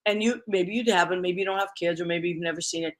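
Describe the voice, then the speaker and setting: A talk show host, a woman, runs a casual interview with a fairly low, fairly even voice at a quick pace. She's effusive, telling stories packed with exclamations.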